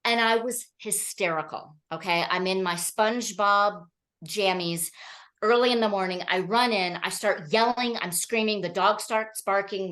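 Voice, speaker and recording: Woman trainer addressing an audience. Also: mid-range voice. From Colorado. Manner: animated storytelling with frequent "okay?" and "right?".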